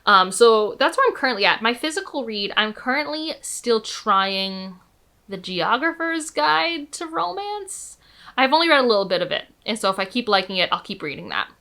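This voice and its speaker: A woman's voice: medium pitch, animated, brisk, hardly any pauses, sharp tone. A woman chatting casually about books, gushing with enthusiasm and peppering her talk with "like" and "um". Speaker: book vlogger. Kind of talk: casual chat.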